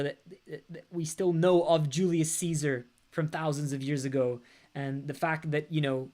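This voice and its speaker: A man's voice: on the high side, a little mellow. A young man, a rock band's lead singer, casually chatting on a livestream, reflective and a little rambling as he talks through his lyrics and reads comments. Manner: reflective, rambling, with bursts of sung lines.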